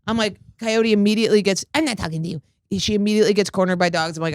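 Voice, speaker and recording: A woman hosting a comedy podcast, telling stories in a profane, animated way. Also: lowish voice, fast, dry recording, studio quality. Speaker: podcast host. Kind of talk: casual comedic chat. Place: podcast studio.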